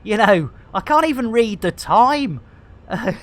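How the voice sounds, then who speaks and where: A woman's voice: on the high side, expressive, slow pace. A woman hosting a live game stream, rambling in a jokey, self-mocking and theatrical way.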